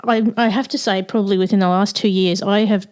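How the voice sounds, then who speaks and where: A woman's voice: medium pitch, fairly even intonation, a little fast, darkish tone. A woman interviewing a guest on a podcast, talking in a chatty, reflective way with many ums.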